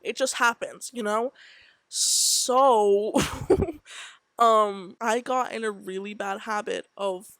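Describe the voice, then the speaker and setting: A woman's voice: mid-range voice, fairly even intonation, slow, fairly bright tone, no echo. A young woman in her twenties telling a personal story in a rambling, casual way, full of "like" and frequent laughter. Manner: rambling, heavy use of filler "like", frequent laughs. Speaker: vlogger. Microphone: decent USB mic on tripod setup.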